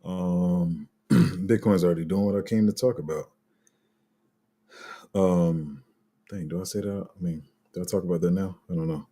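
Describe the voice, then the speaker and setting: Low husky-voiced man rambling casually. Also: fairly even intonation, moderate pace, long pauses, warm tone. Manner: rambling, with many fillers and restarts. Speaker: crypto channel host. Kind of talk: casual unscripted commentary to viewers.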